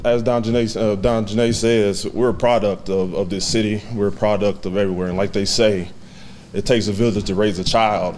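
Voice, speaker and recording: Guy in his 30s at a podium thanking family, emotional, choking up a bit, deep-ish voice. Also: a little mellow, a little hiss or hum. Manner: heartfelt, halting, close to tears with small laughs. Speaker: hall of fame inductee. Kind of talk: acceptance speech.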